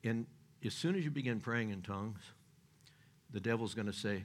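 An older man preaching in a rambling, folksy manner, breaking into chuckles and trailing off into restarts. His voice sits fairly low. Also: lively intonation, a little fast, a bit bright. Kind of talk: sermon.

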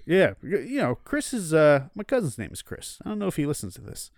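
A man's voice: fairly high pitch, huge pitch swings, fairly quick, no room sound. A man hosting a casual podcast, loose and joking, laughing often. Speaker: podcast host.

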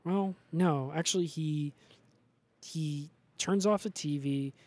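Deadpan rambling man, dry mic. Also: on the high side, slow pace, husky, no room sound. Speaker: podcast co-host. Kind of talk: comedic episode recap chat.

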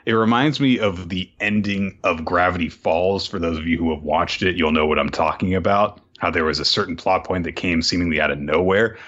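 A very low-voiced man whose tone still cuts through with a bright, forceful edge. He weighs a story's faults slowly and thoughtfully, as a podcast co-host. His lo-fi microphone sounds muffled. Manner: reflective, measured critique with laughs. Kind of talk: casual podcast chat.

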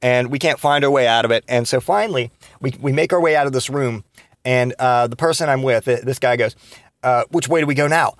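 A man in his thirties, hosting a podcast, speaks at a medium pitch and a slightly quick pace with no echo. It's a casual monologue of rambling, profane stories from his past, packed with restarts and fillers.

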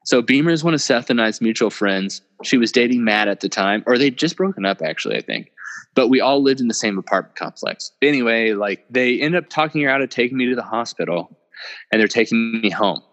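A man's voice: mid-range voice, animated, brisk, fairly bright tone, muffled recording. Rambling man telling a story in a reverberant room. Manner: rambling, full of "like" and swearing, laughing at himself. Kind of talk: casual podcast chat.

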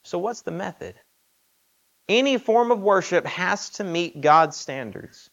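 A man's voice: high-pitched, lively intonation, measured pace, creaky, fairly bright tone, highs cut off. A man preaching a sermon in an earnest, emphatic way, asking rhetorical questions.

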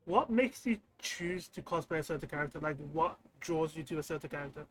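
A man hosting a podcast, asking relaxed, loosely phrased interview questions. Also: on the high side, a little fast, a little hiss or hum, low-quality recording. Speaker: podcast host.

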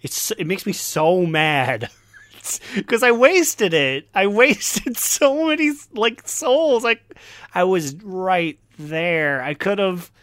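A man's voice: high voice, big pitch swings, slow pace, a bit bright, no room sound, studio quality. A man co-hosting a casual gaming podcast, often laughing mid-sentence as he tells his story. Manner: laughs often while talking. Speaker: podcast co-host.

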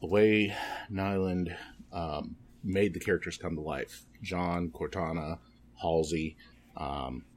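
Deep male podcast guest, hesitant and rambling, faint ambience. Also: fairly even intonation, slight background noise. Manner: halting, many ums and restarts. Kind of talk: casual podcast chat.

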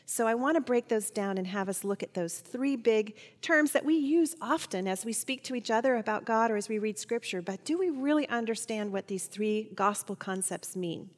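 A middle-aged woman leads a Bible study lesson, her voice pitched a little high. She tells personal stories in a chatty way, stumbling and restarting as she goes, and a long hall reverb trails after her words. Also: expressive, normal speed, hardly any pauses. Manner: warm personal storytelling with fillers and restarts.

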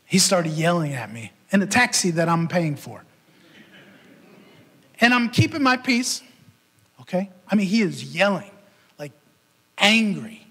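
A man preaching a sermon as pastor and podcast host, telling a story in an animated way and acting out the voices he quotes. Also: high-pitched, unhurried, pauses often, breathy edge. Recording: long hall reverb.

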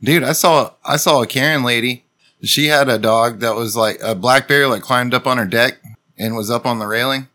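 A man's voice: medium pitch, normal speed, bright, forceful tone. A man in casual banter, telling stories and dropping dry, crude jokes.

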